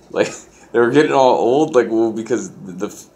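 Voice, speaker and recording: Deep-voiced young man telling a story. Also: normal speed, a little mellow, a little hiss or hum. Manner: loose, profane, full of "like" fillers. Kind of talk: casual storytelling.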